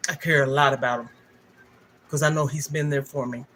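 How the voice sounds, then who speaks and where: A woman's voice: rumbling low, steady tone, brisk, a bit bright, slight background noise. An older woman, a livestream host telling a candid, emotional personal story straight to her viewers.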